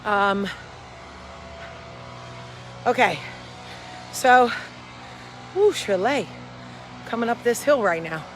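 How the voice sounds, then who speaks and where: A woman's voice: a little high, lively intonation, extremely slow, long pauses, a little hiss or hum. A woman hosting a casual vlog, out of breath as she walks uphill outdoors, rambling and amused at her own jokes, swearing freely. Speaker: host.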